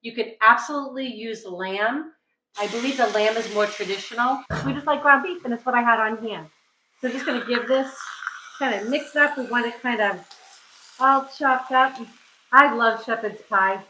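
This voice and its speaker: A middle-aged New England woman hosts a casual cooking demonstration in her home kitchen, chatty and upbeat and often checking in with "right?". Her voice is a little high and moves at a normal speed. The sound is roomy, with background noise.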